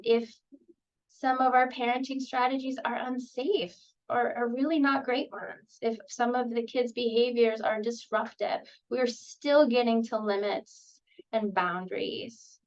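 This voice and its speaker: Woman teaching in a relaxed, explanatory way. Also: a little high, slow pace, highs cut off. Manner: relaxed and explanatory, with frequent ums and acted-out examples. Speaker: presenter at a clinical training session. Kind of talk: conversational teaching talk. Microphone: video call.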